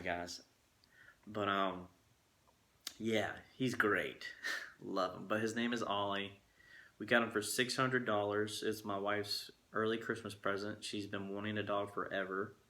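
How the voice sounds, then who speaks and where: A man's voice: lowish voice, bright, forceful tone. A young man, casually chatting to his viewers from his living room, rambling with laid-back asides. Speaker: vlogger. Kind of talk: casual chat to camera.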